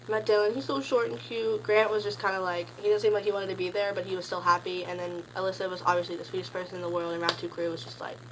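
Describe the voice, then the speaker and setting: A teenage girl telling a story in a casual vlog, gushing and rambling, packing her sentences with "like" and jumping into excited high squeals. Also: fast, hardly any pauses, background noise. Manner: gushing, rambling, heavy use of "like"; bursts into high excited squeals when quoting. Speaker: concert fan recounting a meet and greet.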